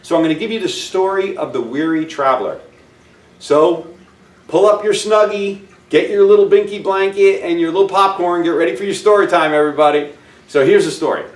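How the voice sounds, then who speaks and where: A man's voice: high voice, normal speed, pauses often. A man hosting a self-help show, telling a story in an upbeat, encouraging way and speaking straight to the viewer. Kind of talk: storytelling with a motivational message. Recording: roomy sound, distant mic, faint ambience.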